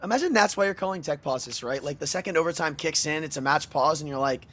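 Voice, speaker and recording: A man calling play-by-play as an esports caster, excitable and full of jokey banter. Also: fairly high pitch, quick pace. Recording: audible background noise.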